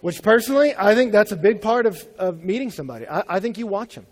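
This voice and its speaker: A man's voice: high-pitched, animated, quick pace. A young adult man preaching a sermon as a pastor in a conversational, humorous storytelling way.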